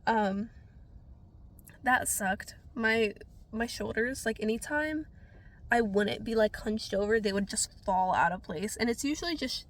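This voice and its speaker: A woman's voice: a little high, measured pace. A young woman vlogging casually to camera while sniffly from being sick, rambling and self-deprecating with lots of filler words. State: sniffly from a cold.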